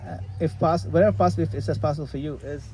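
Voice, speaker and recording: Man gently teaching a group, faint hiss. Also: on the high side, racing, rough recording. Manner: relaxed, explanatory, laughs warmly at own jokes. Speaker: retreat leader answering questions. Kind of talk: casual teaching in a group session. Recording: faint background noise.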